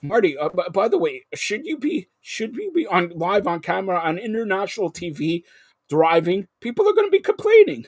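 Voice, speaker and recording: A man hosting a live broadcast, talking in an excitable, rambling way that jumps between topics. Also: sits high, moderate pace, breathy edge, no echo. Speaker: host. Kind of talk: live call-in broadcast chat.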